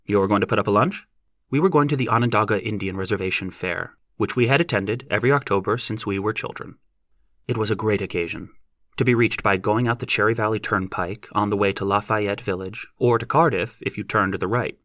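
A man narrating a novel as an audiobook in a measured, even reading. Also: lowish voice, dry recording, studio quality.

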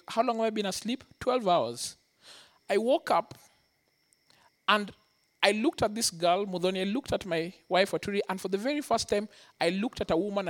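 A man preaching a sermon, telling his own story with lively acted-out quotes. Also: sits high. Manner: animated storytelling, acting out quotes. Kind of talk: sermon testimony.

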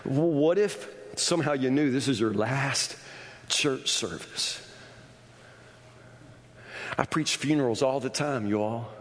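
A male pastor preaching a sermon in a church, stammering through restarts and building to shouts. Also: medium pitch, slow, long pauses. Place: church sanctuary. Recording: long hall reverb.

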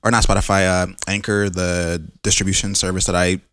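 Podcast host, young man, low voice, slangy and rambling, dry close-mic sound. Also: flat delivery, fairly quick, fairly bright tone, smooth, dry recording. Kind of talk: casual podcast chat.

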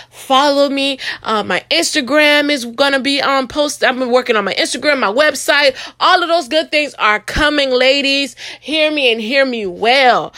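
Young woman, high voice, hyped up christian podcast host, preachy with lots of amens. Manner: energetic, preachy, call-and-response asides. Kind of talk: casual Christian podcast talk.

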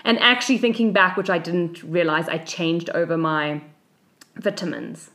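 Lower-voiced South African woman telling a story. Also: normal speed. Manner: lively, acts out the voices of people in her story. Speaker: podcast co-host. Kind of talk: casual storytelling chat.

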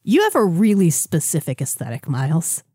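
A woman co-hosting a podcast, recapping a comic in a quick, sardonic storytelling way. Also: sits low, big pitch swings, warm tone, slightly rough, no room sound, studio quality. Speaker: podcast co-host. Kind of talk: casual comic-book chat.

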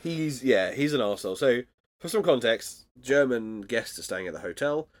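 A man's voice: medium pitch, animated, normal speed. A man chatting casually as a podcast co-host, recapping an episode with frequent laughs and restarts.

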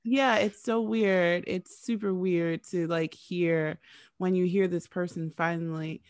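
A woman from North America interviewing a guest in casual chat. She is animated, acts out little quotes and uses lots of "like". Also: on the low side, a little slow, no room sound.

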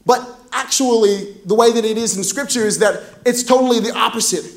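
A man's voice: extremely high pitch, fairly quick, creaky. A man preaching a sermon as pastor, telling funny stories and acting out quoted lines. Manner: humorous storytelling, acts out quoted dialogue. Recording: roomy echoey room.

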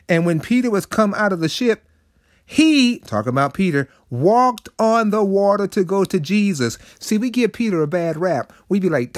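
High-voiced man preaching folksy Bible talk. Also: animated, normal speed, no echo, clean studio sound. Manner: folksy, conversational preaching with dramatic quoted voices. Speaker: preacher and show host. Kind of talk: short inspirational Bible talk.

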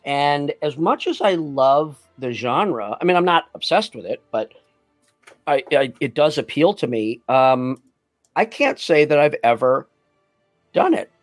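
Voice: mid-range voice, animated, measured pace, no echo, faint music behind. Podcast host rambling casually, laughs a lot, voice bounces up and down, dead dry mic. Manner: hesitant, many fillers, laughs often.

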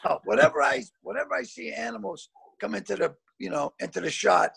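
An older man over sixty telling loud, swearing anecdotes as a comedian guest over a video call, often repeating words as he goes. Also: sits high, lively intonation, fairly quick, gravelly, breathy edge. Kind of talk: storytelling anecdotes.

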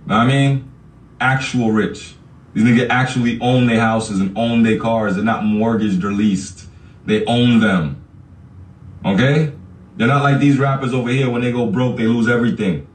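A man's voice: medium pitch, fairly even intonation, moderate pace. A man hosting a podcast, ranting casually and profanely straight at his listeners, laughing often as he talks. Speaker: podcast host. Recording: echoey room, far from the mic.

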